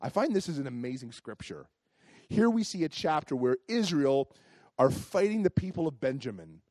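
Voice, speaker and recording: Moderately paced and medium in pitch, a pastor's voice carries a sermon in which he animatedly tells a personal story. He performs the voices of the people in it, and the clip has no room sound.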